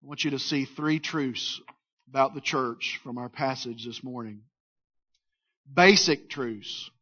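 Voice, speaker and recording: A man preaching a sermon as pastor, emphatic, leading the congregation in call-and-response and pressing his points in slow, weighty phrases. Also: mid-range voice, sharp tone, slightly rough. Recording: dull lo-fi sound.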